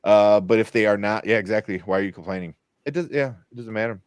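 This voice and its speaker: A man's voice: lowish voice, fast talker, clear, resonant tone, no echo. Man hosting a podcast, rambling, laughing, fillers, very dry close sound. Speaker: podcast host. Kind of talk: casual chat.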